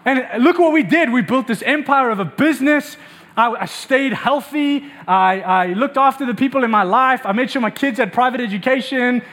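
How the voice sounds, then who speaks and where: Young south african guy preaching, really high voice, acts out the quotes. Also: normal speed. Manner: animated storytelling with acted quotes. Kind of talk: sermon.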